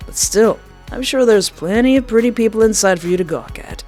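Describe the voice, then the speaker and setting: A woman putting on a cool, aloof stranger from a game, slow and dismissive, voice dropped a little lower than her own. Soft music plays faintly underneath. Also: animated.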